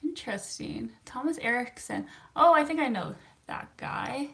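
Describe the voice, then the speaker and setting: A therapist, chatting casually on a livestream and answering viewer comments with frequent laughs. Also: female voice, high voice, animated, unhurried, gravelly, a bit bright. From Canada. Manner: chatty and upbeat, laughs often, self-teasing.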